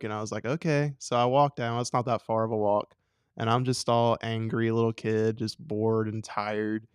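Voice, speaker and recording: A young man co-hosting a talk show, animated and playful, acting out voices as he tells a story. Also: medium pitch, fast talker, clean tone, no room sound, studio quality. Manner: acts out voices, laughs often. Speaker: radio show co-host. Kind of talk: casual chat, animated storytelling.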